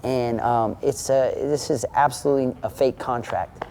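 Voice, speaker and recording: A man's voice: mid-range voice, moderate pace, slight background noise. A man in his thirties telling a story as an interview guest, swearing freely and acting out the other people's lines. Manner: animated, acts out quoted dialogue, swears freely. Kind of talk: casual storytelling.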